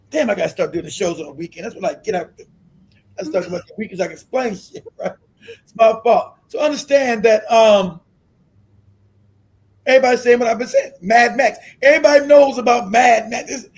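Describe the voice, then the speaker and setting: A man with a strikingly high-pitched voice delivers a blunt, profanity-laced rant as the host of a livestream. He repeats his points insistently and talks like he is lecturing the audience. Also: a little fast, poor audio. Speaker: host of a commentary stream. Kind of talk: ranting political commentary. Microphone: streaming mic.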